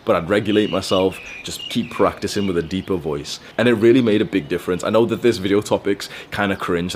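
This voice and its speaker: Young man, deep low voice, podcast host, blunt, profane, slangy, casual advice talk. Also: fairly quick, hardly any pauses, slight background noise.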